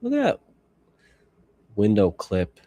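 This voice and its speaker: A man's voice: fairly low pitch, huge pitch swings, slow pace, warm tone, no echo. A man in his thirties streaming live as he edits photos, rambling and talking to himself while he works. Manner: rambling self-talk, musing aloud. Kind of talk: casual livestream commentary while working.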